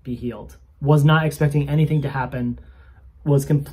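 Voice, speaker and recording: Brief: male spiritual coach, mellow and husky, conversational testimony for his channel. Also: on the high side, flat delivery, brisk. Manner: earnest, conversational, self-conscious. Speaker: spiritual coach and video host. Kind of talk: personal faith testimony to camera.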